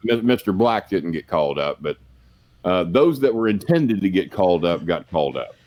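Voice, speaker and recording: A man's voice: deep voice, lively intonation, moderate pace, darkish tone. An older man, a former wrestling manager, telling rambling, profane stories as a podcast guest. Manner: rambling, profane, plain-spoken. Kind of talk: casual storytelling.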